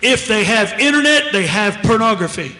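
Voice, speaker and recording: Expressive and forceful, a man with a high, bright voice preaches at a moderate pace in a church sanctuary. He tells a story with emphasis, taking on both voices in a conversation, amid long reverb from the echoey hall.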